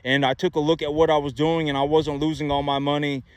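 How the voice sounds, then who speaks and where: A man's voice: a little high, level tone, fast talker, clear, resonant tone, dry recording. A man giving money advice in a casual, emphatic monologue, repeating himself and asking rhetorical questions. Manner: repetitive, emphatic, many rhetorical "right?" asides.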